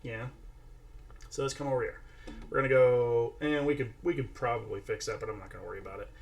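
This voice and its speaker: Casual tutorial host, male, mid pitch, gravelly texture, chatty. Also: fairly even intonation, quick pace. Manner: chatty, narrating each step while talking to a toddler. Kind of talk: casual screen-share tutorial.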